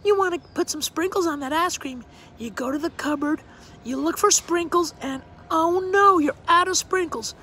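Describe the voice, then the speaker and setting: Brief: man putting on a shrill, prim Savannah woman, matter-of-fact and bossy, drawling her practical advice. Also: moderate pace, bright, forceful tone, a little hiss or hum. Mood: bossily earnest. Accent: Savannah Southern put-on. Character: prim high-voiced Southern woman giving tough love. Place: outdoor deck.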